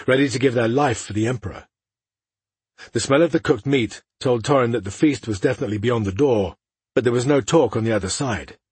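A man with a husky voice reading a fantasy audiobook in steady, measured narration. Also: medium pitch, no room sound.

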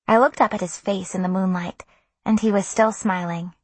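A woman narrating a first-person audiobook in a soft, gentle storytelling manner. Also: mid-range voice, fairly even intonation, moderate pace, slightly rough, no echo.

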